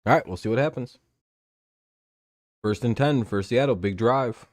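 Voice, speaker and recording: Sleepy and yawning, a live-stream host calls a football game in casual commentary, joking and cursing as he rambles. He has a medium-pitched, darkish voice at a normal pace, captured dry in a clean studio.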